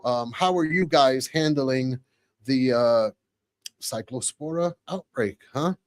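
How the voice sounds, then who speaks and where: A man in his forties hosting a podcast live, chatting casually with viewers, reading comments and repeating phrases excitedly. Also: mid-range voice, takes it slowly, dry recording. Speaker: podcast host.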